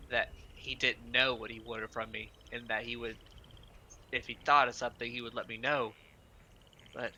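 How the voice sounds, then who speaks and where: A man speaking in character at a tabletop game, with a bright, forceful tone. He halts and restarts often, filling gaps with "uh," over a monotone delivery. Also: mid-range voice, a little hiss or hum, poor audio. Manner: hesitant, halting, many fillers. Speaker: player. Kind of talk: in-character tabletop role-play.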